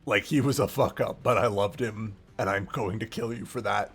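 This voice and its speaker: A man voicing a vengeful alien god-king and grieving father, in a low, blunt, profane growl. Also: normal speed, husky, soft background music. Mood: menacing.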